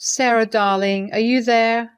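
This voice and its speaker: A woman's voice: a little high, fairly even intonation, unhurried, clear, resonant tone, soft background music, voice pushed up, lightly acted. A woman voicing a caring middle-aged mother-in-law who speaks hesitantly and soothingly while reading a story's dialogue. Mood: concerned.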